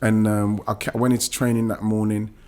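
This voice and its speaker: Middle-aged man telling a painful story. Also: on the low side. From England. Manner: animated, swearing, halting restarts when moved. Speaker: guest, former footballer. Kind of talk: emotional personal storytelling.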